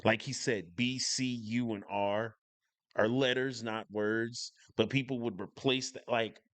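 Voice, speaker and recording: Emphatic, crisply enunciating man on a dry mic. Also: mid-range voice, fairly even intonation, a little slow, a bit bright, no echo. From northern United States. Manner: emphatic, clearly enunciated, opinionated; lecturing, repeats points for stress. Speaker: reaction channel host. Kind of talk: casual reaction commentary.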